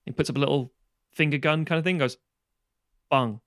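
A man with a slightly raised pitch talks through a film plot in a casual podcast chat. He swears freely and keeps jumping into the characters' voices as he retells it. The sound is close and dry, with no room around it. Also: fast talker, no echo. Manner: animated, sweary, acts out characters' lines.

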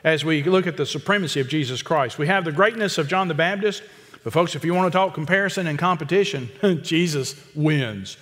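A man preaching an expository sermon, emphatic and repetitive, with quick asides to the congregation. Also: fairly high pitch, a bit bright, in a large hall. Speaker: pastor.

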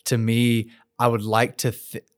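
A man, a pastor co-hosting a church podcast, speaking in an earnest, reflective way with halting restarts. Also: medium pitch, monotone, no echo, clean studio sound. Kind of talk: casual conversation.

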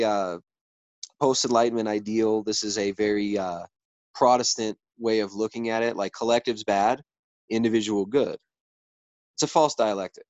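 A man's voice: mid-range voice, no echo, highs cut off. A man in a casual debate, arguing earnestly about faith and society, often restarting and checking in with "right?".

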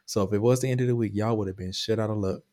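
Guy with a bit of a cold, kinda hoarse, hypes up his podcast like a preacher. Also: fairly low pitch, steady tone, very fast, mellow. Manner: playful, preacher-like flourishes. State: hoarse, under the weather. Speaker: podcast co-host. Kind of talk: casual chat.

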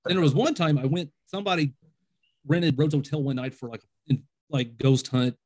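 A man's voice: fairly high pitch, normal speed, a little mellow. A man telling ghost stories in casual conversation, rambling and acting out quoted dialogue, calling himself a skeptic and an overthinker. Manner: self-described skeptic and overthinker.

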